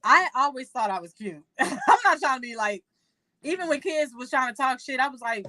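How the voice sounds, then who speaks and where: A young adult woman co-hosting a casual chat show, telling stories in an animated way and quoting herself and others. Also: high voice, normal speed, no echo, rough recording. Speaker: co-host.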